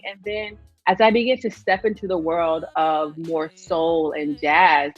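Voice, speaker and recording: A young woman singer with deep tones in her voice, telling her story earnestly in a casual interview. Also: normal speed, hardly any pauses. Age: young adult. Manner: earnest storytelling, lively quoting. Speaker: singer guest. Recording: dull lo-fi sound with faint music.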